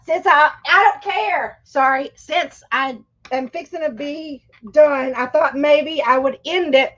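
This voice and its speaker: Coughing from an irritated throat, a schoolteacher talks chattily to her livestream viewers, addressing them head-on. She has a high voice, and the recording's highs are cut off.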